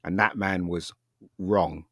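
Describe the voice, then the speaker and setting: A man with a low, deep voice talks in a casual podcast chat. He tells a rambling personal story with animation and laughs often. The sound is dry and close, with no room echo. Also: steady tone, takes it slowly, bright, forceful tone. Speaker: podcast guest, filmmaker.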